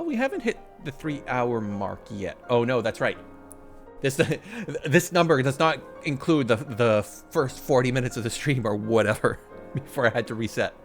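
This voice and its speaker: Male game streamer, teasing and laughing, tired voice, very lively intonation. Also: medium pitch, vocal fry. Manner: playful, teasing, laughing often. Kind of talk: casual game stream chat.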